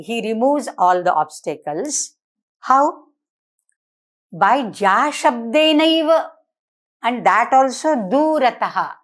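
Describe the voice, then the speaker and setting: Indian woman professor explaining Sanskrit verse. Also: medium pitch. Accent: Indian English. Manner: explanatory, asks rhetorical questions, switches into Hindi and Marathi. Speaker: professor lecturing on Sanskrit drama. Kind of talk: academic lecture.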